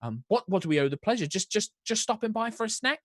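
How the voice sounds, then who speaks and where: High shrill Cockney baker woman, fussy and gushing, swoops a lot, as a man puts her on. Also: lively intonation, quick pace, fairly bright tone, dry recording, clean studio sound. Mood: fussing. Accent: Cockney English. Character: flustered plump middle-aged baker woman.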